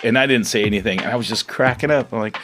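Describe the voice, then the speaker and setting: A middle-aged man, a fisherman, telling his own story in a rambling, animated way, often laughing as he talks. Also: medium pitch, quick pace, music in the background. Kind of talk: casual storytelling interview.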